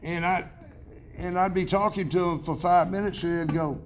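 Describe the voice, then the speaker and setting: A man's voice: sits high, fairly even intonation, moderate pace, slight background noise. A man in his seventies giving an award acceptance speech, telling chatty self-deprecating anecdotes with restarts and chuckles at a podium microphone in a banquet hall.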